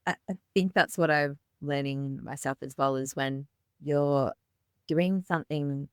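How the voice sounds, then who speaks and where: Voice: medium pitch, fairly even intonation, a little slow, clear, resonant tone, dry recording, clean studio sound. A podcast host talking casually and loosely, with casual swearing. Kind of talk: casual conversation.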